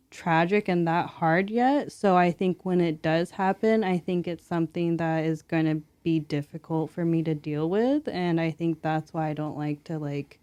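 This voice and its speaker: A woman's voice: lowish voice, a little mellow, smooth, dry recording. A young woman, a mother, talking reflectively as a podcast guest in casual chat, with lots of filler words.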